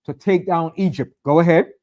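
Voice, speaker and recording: A man's voice: on the high side, moderate pace, dark tone. A man leading a sabbath service, preaching in a fiery, conversational way with emphatic repetition. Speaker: pastor. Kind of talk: sermon.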